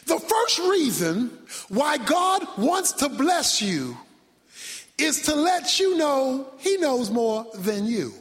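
High-voiced preacher with dramatic swings. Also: male voice, big pitch swings, takes it slowly. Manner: dramatic, shouting, sudden drops to near whisper. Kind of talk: sermon. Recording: long hall reverb.

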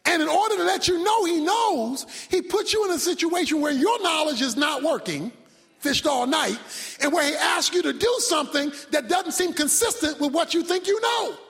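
A man preaching a sermon as pastor, swinging from loud shouts down to near-whispers. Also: extremely high pitch, lively intonation, normal speed. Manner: preaching with sudden shouts and drops to a hush. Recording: long hall reverb.

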